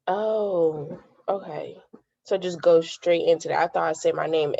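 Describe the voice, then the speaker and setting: A young woman rehearsing a podcast intro, unsure and halting, stopping to ask questions. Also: deep voice, vocal fry, warm tone, slightly rough, dry recording, lo-fi sound. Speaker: podcast student.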